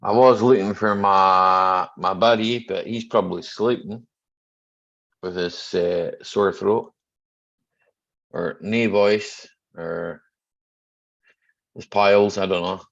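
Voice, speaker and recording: A man's voice: low-pitched, fairly even intonation, takes it slowly, gravelly, pauses often, a bit bright. A middle-aged Scottish man hosting a casual live chat from home, greeting viewers by name and joking. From Scotland. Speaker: live stream host. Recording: slightly dull lo-fi live stream audio.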